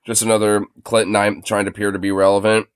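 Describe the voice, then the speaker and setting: A man streaming casual commentary on political clips, excitable and crude, laughing often and breaking into shouts. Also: on the low side, fast talker, clean tone. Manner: crude, swears constantly.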